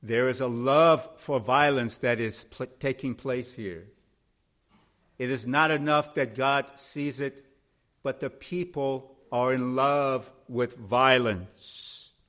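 A pastor delivers his sermon in a measured, unhurried cadence at a middling pitch. He leans on scripture line by line and swells to forceful emphasis at the high points. His voice is plain and even, never rushed. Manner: slow, deliberate preaching that rises to emphatic peaks.

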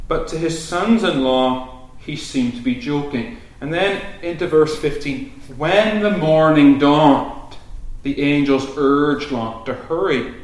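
Guy preaching a sermon, earnest, slightly high voice, big echo all round. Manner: earnest, builds to loud urgent calls. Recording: very echoey room.

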